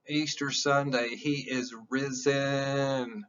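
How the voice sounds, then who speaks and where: Male lecturer, animated classroom delivery, sharp forceful tone, muffled lo-fi capture. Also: fairly high pitch, unhurried. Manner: excitable, emphatic, checks in with listeners.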